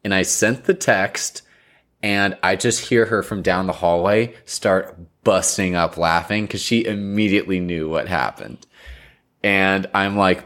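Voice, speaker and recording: Deep-voiced young man telling a story. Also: unhurried. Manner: animated, rambling with many fillers. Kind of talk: casual chat, telling an embarrassing story.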